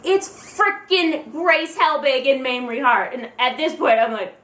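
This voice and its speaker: Fast-talking excitable young woman, roomy sound. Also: high voice. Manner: fast, excitable, acts out her own thoughts. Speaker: vlogger. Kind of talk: casual storytelling. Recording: roomy, distant from the mic.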